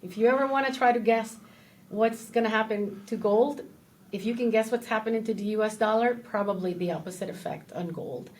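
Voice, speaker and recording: A woman who is a portfolio manager, a guest in an interview, explaining things in a measured way. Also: a little high, a little mellow, slight background noise. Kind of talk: casual interview.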